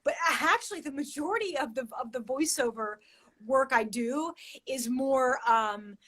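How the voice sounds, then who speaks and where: American actress on a video call, chatty, lots of restarts, slightly high voice. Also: female voice, a little slow. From United States. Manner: lively and chatty with many restarts. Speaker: actress and interview guest. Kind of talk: casual interview chat.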